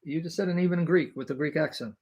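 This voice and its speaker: Casting: male apologist, fairly high pitch, forceful, lecturing, full of rhetorical questions. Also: fast. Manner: emphatic, rhetorical questions, clears throat. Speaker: Christian apologist guest. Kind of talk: animated theological argument.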